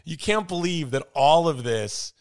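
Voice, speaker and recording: A man's voice: a little high, animated, unhurried, a little mellow. A man hosting a podcast, speaking earnestly and reflectively in a casual conversation. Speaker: podcast host.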